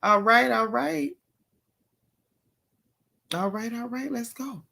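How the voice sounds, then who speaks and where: A woman's voice: a little high, slow pace, vocal fry, sharp tone. A woman hosting a live stream, chatting casually and repeating phrases for emphasis. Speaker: livestream host.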